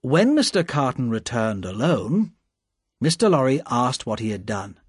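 A man giving a slow, deliberate, expressive storybook narration. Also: mid-range voice, slightly rough, no echo, studio quality.

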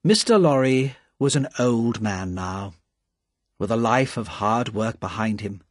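A man giving a slow, deliberate, expressive storybook narration. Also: on the low side, no room sound, studio quality.

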